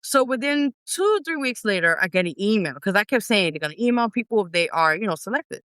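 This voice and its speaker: A middle-aged woman, an independent singer telling stories in an animated way as an interview guest, acting out her own past reactions. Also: mid-range voice, fast, clear, resonant tone, no room sound. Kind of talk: casual interview storytelling.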